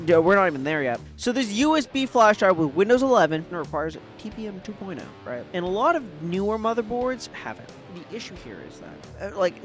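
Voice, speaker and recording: High-voiced man ranting, swearing a lot. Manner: profane, exasperated, peppered with "like" and "right?". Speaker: VTuber. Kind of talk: ranting casual monologue.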